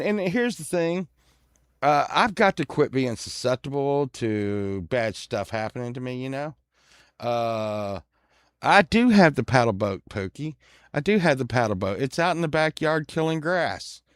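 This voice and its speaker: A man's voice: medium pitch, no room sound, clean studio sound. A middle-aged man rambling through a crude childhood story, often laughing at it. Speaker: vlogger telling a childhood story.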